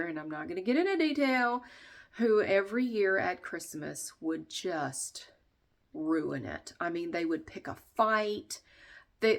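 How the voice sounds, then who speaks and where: A woman with a stuffed-up, nasal voice talks casually to her viewers, a little low in pitch. She vents bluntly and swears without a second thought, pausing now and then because she is short of breath. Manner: blunt, venting, swears freely. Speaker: vlogger. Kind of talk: casual chat to camera.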